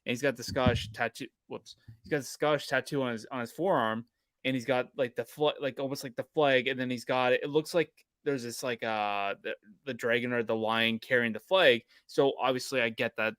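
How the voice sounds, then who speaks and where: A man's voice: mid-range voice, fairly bright tone, smooth, no echo. A man from Canada co-hosting a casual podcast, telling stories in a rambling, polite way. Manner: rambling storyteller, self-described polite. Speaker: podcast co-host. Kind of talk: casual chat.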